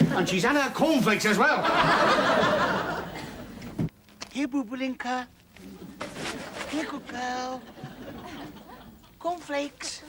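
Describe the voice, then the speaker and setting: An actor playing a fussy, indignant middle-aged husband who stammers and blusters, in a 1980s British sitcom. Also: male voice, very high-pitched. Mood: sheepish. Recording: TV studio with loud noise and audience laughter.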